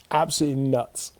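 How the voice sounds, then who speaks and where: A worn-out man with a mid-range voice rambles through an unscripted live-stream chat from his home, as host of a weekly live show. He sounds exhausted and tired, full of fillers and restarts. His webcam or computer mic picks him up indoors.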